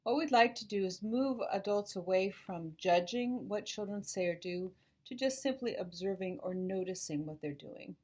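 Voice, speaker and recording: Casting: woman school psychologist, calm explanatory parent talk. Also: mid-range voice, moderate pace, few pauses. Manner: calm, explanatory, models gentle phrases to say to children.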